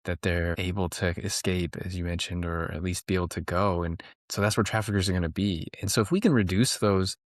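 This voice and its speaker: Man, very deep voice, earnest, explanatory, dry close sound. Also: steady tone, a little fast, hardly any pauses, no echo. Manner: earnest, explanatory, many restarts. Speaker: guest. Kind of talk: conversational interview.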